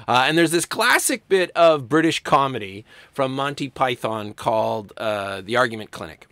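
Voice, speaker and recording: A male college writing instructor gives a casual recorded lecture at normal speed with few pauses, his lively pitch swinging freely and his tone sharp. He acts out quoted lines in passing. The sound is dry and close, with no room echo.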